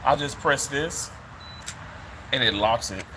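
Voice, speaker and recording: A man's voice: medium pitch, slow pace, sharp tone, a little hiss or hum. A man chatting casually on a live stream, rambling about food and greeting viewers by name.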